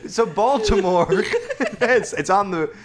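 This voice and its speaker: Joking man with a lively, high-ish voice. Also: slow. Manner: joking, laughs often, swears, riffs on bits. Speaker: podcast co-host. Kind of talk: casual chat.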